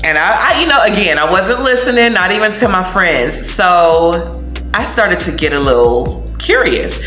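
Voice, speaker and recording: A woman tells a personal story in a casual, slangy way and acts out the quotes. Her voice sits low. The room sounds roomy, and music plays behind her. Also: animated, moderate pace, a bit bright. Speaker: vlogger.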